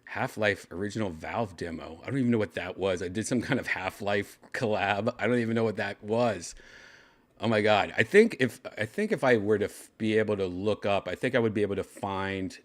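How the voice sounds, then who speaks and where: A man's voice: lowish voice, brisk. A man hosting a show, telling a rambling, laid-back story full of restarts. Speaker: podcast host. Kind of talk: casual storytelling.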